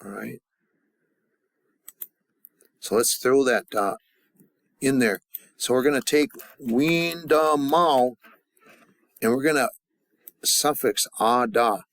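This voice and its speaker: Slow, halting man teaching a class. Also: mid-range voice, a bit bright, no room sound. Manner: drills students with call-and-response repetition; halting, with many fillers and restarts. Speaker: language teacher. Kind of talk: classroom grammar lesson.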